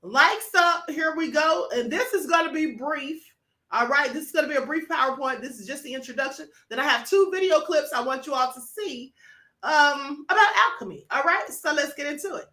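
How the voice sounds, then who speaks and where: A woman hosts a live stream for members, chatting casually, greeting viewers by name and calling them honey and beloved. Her voice sits high and sounds animated and sharp at a normal speed, echoing in the room.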